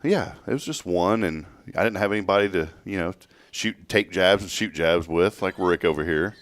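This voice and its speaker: A man's voice: deep voice, normal speed, no room sound. A man hosting a morning show, chatting casually, joking and rambling with frequent restarts. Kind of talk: casual chat.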